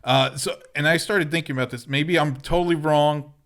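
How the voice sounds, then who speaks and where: A man's voice: fairly high pitch, steady tone, moderate pace, fairly bright tone. A man co-hosting a podcast, telling rambling stories in casual chat. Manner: rambling anecdotes with laughter and quoted voices. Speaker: podcast co-host.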